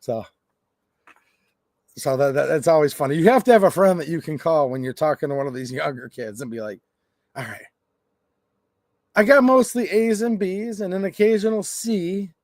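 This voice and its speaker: A man's voice: a little high, animated, normal speed, long pauses, darkish tone, dry recording, clean studio sound. Rambling man hosting a livestream. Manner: rambling, jokey, reads chat aloud. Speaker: gun rights channel host. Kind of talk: casual livestream chat.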